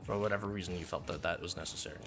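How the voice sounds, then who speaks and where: A man's voice: low voice, fairly even intonation, very fast, background noise. A man streaming a game, ranting angrily at a viewer in a blunt, profane, lecturing way. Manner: lectures in a hammering, repetitive way. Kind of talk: heated rant at a chat viewer.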